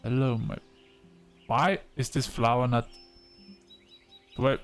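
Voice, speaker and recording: A man's voice: mid-range voice, measured pace, pauses often, faint music behind. A man giving casual let's-play commentary, chatting and reading game dialogue aloud. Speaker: gaming video creator.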